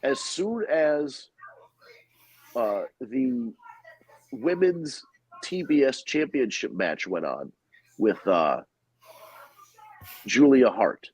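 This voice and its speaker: A man with a husky, slightly rough voice holds forth as a podcast host. He rambles, swears freely and sounds opinionated. The sound is dry and close, with no room around it. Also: mid-range voice, very animated, extremely slow, long pauses, darkish tone, no echo, rough recording. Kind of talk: casual chat.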